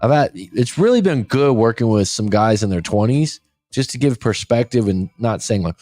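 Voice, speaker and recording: A man's voice: mid-range voice, expressive, moderate pace, dark tone, no room sound. A man in his forties, a life coach hosting a show, talking casually and bluntly, swearing freely. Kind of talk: casual podcast talk.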